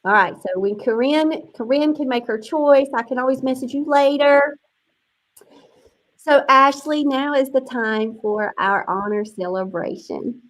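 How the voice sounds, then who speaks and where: A woman's voice: high voice, measured pace, poor audio. A woman hosting an online book launch on a video call, chatty and emotional, close to tears.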